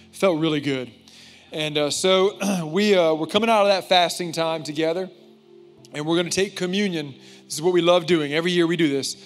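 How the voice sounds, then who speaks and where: Man, pastor giving a casual church talk, fillers, faint background music. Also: a little high. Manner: casual, joking, with y'all and fillers. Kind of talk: church service address.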